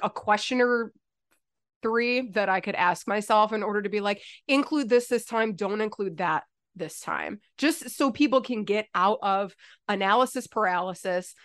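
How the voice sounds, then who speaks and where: Blunt, swearing woman podcast host. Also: fairly high pitch. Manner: blunt, profane, animated. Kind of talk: casual podcast conversation.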